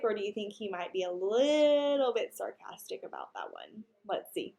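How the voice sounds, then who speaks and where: A woman teacher reading a children's chapter book aloud, with expressive delivery, stopping to ask her listeners questions. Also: medium pitch, moderate pace, creaky.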